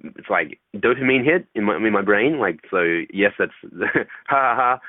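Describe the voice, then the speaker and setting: A man's voice: fairly low pitch, lively intonation, normal speed, no echo. A man guest coaching on dating, talking loosely with swearing and acting out phone calls. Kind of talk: casual interview talk. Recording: tinny phone-like line, dry.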